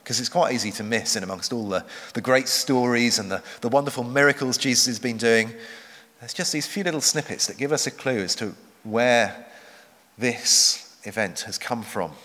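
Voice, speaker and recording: A man preaching a sermon, earnest and measured, slowing down for emphasis. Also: medium pitch, pushed and bright. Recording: long hall reverb.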